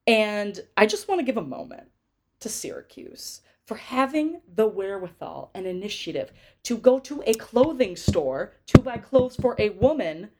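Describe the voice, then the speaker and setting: A woman's voice: mid-range voice, big pitch swings, moderate pace, warm tone. Chatty young woman recapping a movie. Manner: chatty, giggly, rambling with fillers. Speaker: podcast host. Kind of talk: casual movie recap chat.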